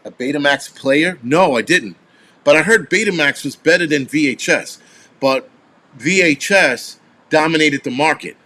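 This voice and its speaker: A man's voice: on the high side, normal speed, sharp tone. A man in his forties hosting a casual live stream, rambling and swearing as he answers viewers. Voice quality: profane, rambling. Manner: answers viewer comments offhand.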